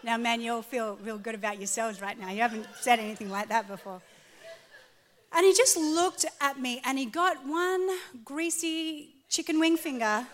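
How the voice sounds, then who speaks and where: A woman in her forties preaching a sermon to a live audience, telling a funny story about her marriage. She is animated and pokes fun at herself, swinging from soft to loud. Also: fairly high pitch, moderate pace, a little hiss or hum. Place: stage before a live audience.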